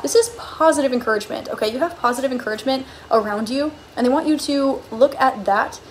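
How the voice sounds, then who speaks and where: A woman's voice: high voice, fast, background noise. A woman giving a casual, chatty tarot card reading, bubbly and full of "like" and "okay?".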